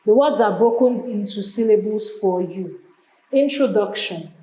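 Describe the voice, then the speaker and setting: A woman with a Nigerian English accent teaching an exam prep lesson, drilling word lists slowly and repeating them. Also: medium pitch, lively intonation, mellow, reverberant, rough recording.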